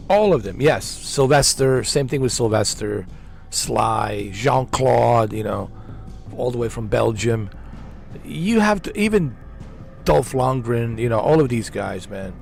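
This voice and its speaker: A man's voice: medium pitch, lively intonation, takes it slowly, creaky, a little mellow, faint music behind. Enthusiastic slangy male gaming streamer. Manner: enthusiastic, repetitive, slangy ("man", "dude"). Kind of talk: casual chat over gameplay.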